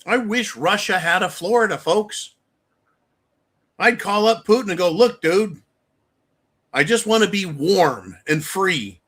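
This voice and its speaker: A man's voice: high voice, lively intonation, measured pace, fairly bright tone, breathy edge. A man hosting his own channel, delivering a heated, profane political rant. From United States. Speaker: channel host.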